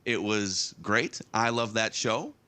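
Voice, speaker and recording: Bright-voiced man telling a story. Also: fairly low pitch, takes it slowly, clear, resonant tone. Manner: rambling, with frequent restarts and fillers. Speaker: guest. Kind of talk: casual storytelling on a talk show.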